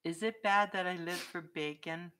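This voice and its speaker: A woman's voice: fairly low pitch, steady tone, moderate pace, sharp tone. A woman vlogger in a casual live-stream chat with viewers, chatty and playful, often laughing and breaking off to talk to her dog.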